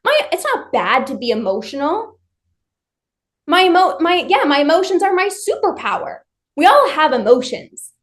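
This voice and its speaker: A woman's voice: high-pitched, very animated, normal speed. A woman leading a live online workshop, speaking to her viewers directly with emphatic, repetitive phrasing.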